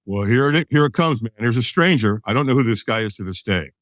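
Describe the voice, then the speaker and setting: A man's voice: mid-range voice, expressive, quick pace, fairly bright tone, dry recording. A man in his sixties, a podcast guest from the United States, telling a personal story with vivid energy and acting out the other people in it. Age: 60s. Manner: vivid storyteller who acts out quoted voices.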